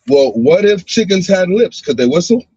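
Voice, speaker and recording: A man's voice: high-pitched, warm tone, slightly rough, no echo. An older man leading a heated group debate, confrontational and mocking, who repeats himself as he presses his point. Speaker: discussion group leader. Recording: muffled lo-fi livestream audio.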